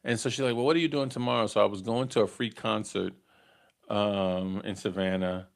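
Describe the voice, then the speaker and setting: This middle-aged host of a live dating podcast has a lowish, creaky voice with fairly even intonation and a brisk pace. His storytelling is relaxed and conversational, peppered with "right?" and his own chuckles.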